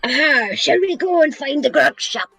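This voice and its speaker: A woman's voice: high voice, animated, normal speed, pushed and bright, dry recording, faint music behind. A woman taking part as a player in a casual tabletop role-playing session, chatting and slipping into playful character bits.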